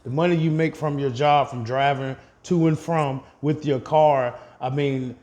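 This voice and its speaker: A man's voice: mid-range voice, fairly even intonation, measured pace, a little mellow. A man vlogging a casual update on his investments, chatting directly to his viewers and laughing off his own slips.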